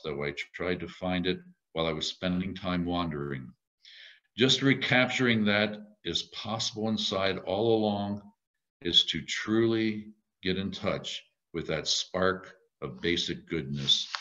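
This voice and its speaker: Guy preaching a sermon, deep voice, slow and thoughtful, kinda dull lo-fi sound. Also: sharp tone. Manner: reflective, measured, with slow emphatic repetitions. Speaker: lay preacher.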